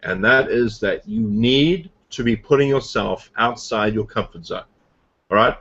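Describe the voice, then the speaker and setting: A man's voice: fairly low pitch, lively intonation, unhurried, fairly bright tone, breathy edge, dull audio. A man casually coaching a group about his online business, rambling with lots of fillers and restarts. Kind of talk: casual motivational talk on a group video call.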